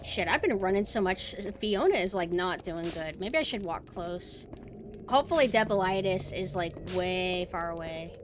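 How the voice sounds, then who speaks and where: A young woman streaming a horror game, chatting casually and excitably as she plays. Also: lowish voice, normal speed, over music. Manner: chatty, excitable, cheering her dog on. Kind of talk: casual gameplay commentary.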